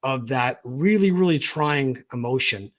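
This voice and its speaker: A man's voice: mid-range voice, animated, a little slow. A man hosting a podcast, talking candidly and animatedly about his own mental health and acting out his inner dialogue. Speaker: podcast host.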